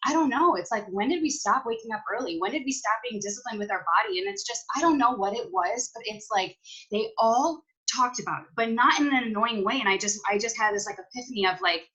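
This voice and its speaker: A woman's voice: fairly high pitch, animated, quick pace, fairly bright tone, low-quality recording. A young woman on a video call, casually recapping a conference in an emphatic, chatty way, repeating her key points. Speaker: team leader recapping a conference. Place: at home.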